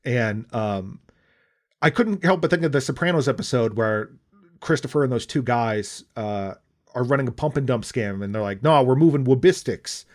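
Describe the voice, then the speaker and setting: A man's voice: medium pitch, moderate pace. A man co-hosting a podcast, chatting casually about a movie with lots of fillers and restarts. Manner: rambling, many fillers, swearing asides. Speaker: podcast co-host. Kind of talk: casual movie review chat.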